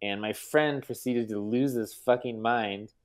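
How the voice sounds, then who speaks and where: A man's voice: mid-range voice, measured pace. A man telling self-mocking anecdotes as a podcast guest, in casual chat and often laughing. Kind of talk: casual storytelling.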